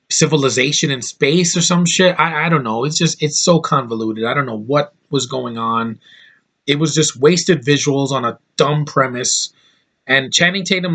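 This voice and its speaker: A man's voice: fairly high pitch, a bit bright. A young man giving a blunt, profane movie review, full of restarts and fillers. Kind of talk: casual ranting review.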